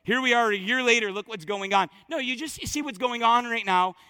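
High, bright-voiced preaching man. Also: brisk, no echo. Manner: emphatic preaching, swings from loud to hushed. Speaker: pastor. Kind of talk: sermon. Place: church.

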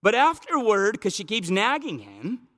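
A man preaches a verse-by-verse sermon with a high, bright, ringing voice. He talks through the text in a chatty teaching way, then drives home points with emphatic repetition. His voice trails a long reverb, as in a large hall. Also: very animated, a little slow. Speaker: pastor. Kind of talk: expository sermon.

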